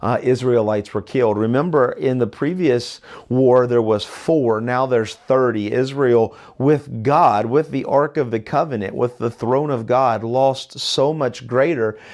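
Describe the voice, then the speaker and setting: A man's voice: mid-range voice, measured pace, hardly any pauses, darkish tone. A man giving casual verse-by-verse Bible teaching in a conversational way, with many fillers and restarts and frequent check-in questions to the listener.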